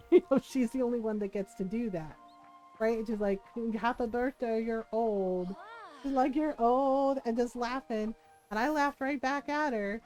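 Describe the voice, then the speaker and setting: A woman's voice: fairly high pitch, unhurried, a little mellow, soft background music, rough recording. A middle-aged woman streamer in casual chat, telling a story with frequent laughter. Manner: chatty storytelling, laughs often.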